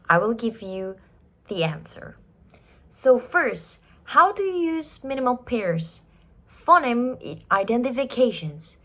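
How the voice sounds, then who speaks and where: A woman giving a class presentation, emphatic and expressive, dwelling on each example word. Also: a little high. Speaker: student presenter.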